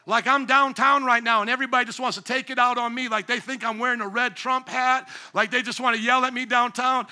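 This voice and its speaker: A man in his forties preaching a sermon as pastor, animated and bursting into loud emphasis. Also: extremely high pitch. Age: 40s.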